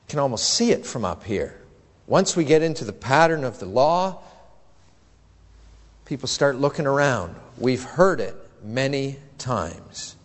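A man preaching a sermon from the pulpit in a church, measured and emphatic, with deliberate pauses. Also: medium pitch, sing-song. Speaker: pastor. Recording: hall reverb in a church.

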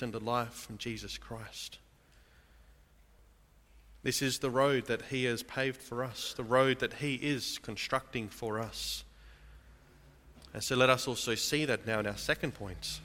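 A man's voice: mid-range voice, bright, forceful tone, long reverb tail. A man preaching a sermon in an earnest style, calling his listeners beloved and brothers and sisters. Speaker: pastor.

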